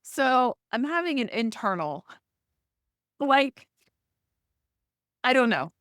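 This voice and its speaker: A woman's voice: on the high side, big pitch swings, slow, a bit bright, no room sound, clean studio sound. A woman co-hosting a podcast, talking casually in a hesitant, self-conscious way that trails off. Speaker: podcast co-host. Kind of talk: casual chat.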